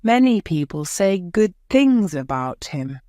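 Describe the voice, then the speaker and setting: A woman voicing a gentle young nobleman who hates fighting, pleading softly in an audiobook. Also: fairly low pitch, sing-song, measured pace, no echo, clean studio sound. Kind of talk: audiobook character voice.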